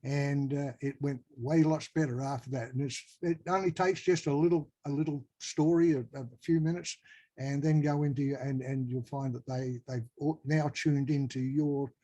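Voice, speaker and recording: A man's voice: mid-range voice, fairly even intonation, moderate pace, warm tone, highs cut off. An Australian man, a student caller, telling a story in an easygoing way.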